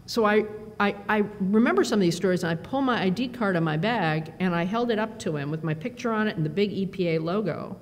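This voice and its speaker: A middle-aged woman giving a conference keynote, telling stories in an animated, self-deprecating way with quick asides. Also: mid-range voice, slight background noise. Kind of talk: storytelling speech. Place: performance hall. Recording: long hall reverb, faint ambience.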